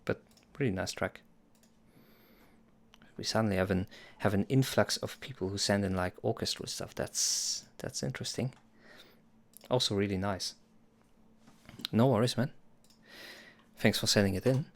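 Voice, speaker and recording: A man's voice: on the low side, moderate pace, gravelly, long pauses. A man hosting a music production livestream, chatting playfully with viewers in a rambling way. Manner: playful, rambling, chuckles often. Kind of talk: casual livestream chat with viewers.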